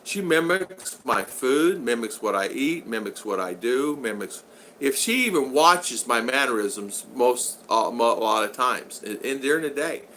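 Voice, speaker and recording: Bright-voiced older man chatting. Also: medium pitch, expressive, measured pace, slight background noise. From United States. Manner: rambling anecdotal storyteller with frequent restarts. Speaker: vlogger reading live chat. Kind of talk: casual livestream chat.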